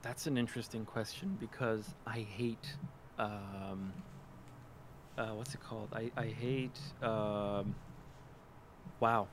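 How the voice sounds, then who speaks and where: A man's voice: on the low side, steady tone, takes it slowly, pauses often, background noise. A man talking casually as an interview guest about voice acting, rambling and self-deprecating, with many restarts and fillers. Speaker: podcast guest, aspiring voice actor.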